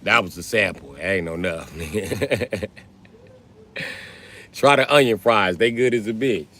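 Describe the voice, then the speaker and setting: A man chatting casually on a livestream, telling animated, profane stories with frequent laughter. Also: fairly low pitch, unhurried.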